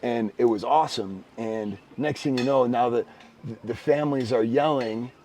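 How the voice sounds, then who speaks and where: A man co-hosting a casual podcast, telling stories with bursts of excited shouting. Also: medium pitch, normal speed, slight background noise. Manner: animated storyteller, bursts of excited shouting when retelling. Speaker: podcast co-host. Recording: slightly distant mic with faint background ambience.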